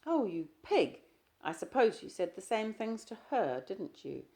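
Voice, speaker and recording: A woman's voice: medium pitch, big pitch swings, a little slow, warm tone, pitched above the performer's own voice. A woman reading the lines of an insecure, jealous young woman in an audiobook, asking pleading, needling questions. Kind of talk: audiobook character dialogue.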